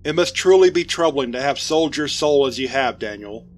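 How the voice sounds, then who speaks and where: A man voicing a sly male spirit that speaks from a coffin, in a soft, hushed and mocking way, with faint music behind. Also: a little high, animated, normal speed, close to an everyday voice. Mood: softly taunting.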